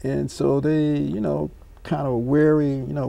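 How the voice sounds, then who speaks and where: Slow gravelly man, measured speech. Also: on the high side, flat delivery, warm tone, no room sound. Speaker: scholar guest. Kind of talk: reflective talk show discussion.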